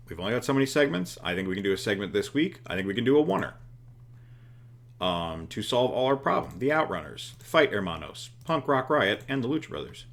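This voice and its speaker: A man with a lowish, creaky voice co-hosts a casual session of a booking game. He thinks out loud as he plays, using fillers and cracking jokes.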